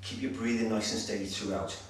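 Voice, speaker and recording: A slightly breathless male personal trainer demonstrating exercises, giving brisk, direct coaching with frequent check-ins. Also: on the low side. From Wales. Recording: very echoey, distant, noisy room sound.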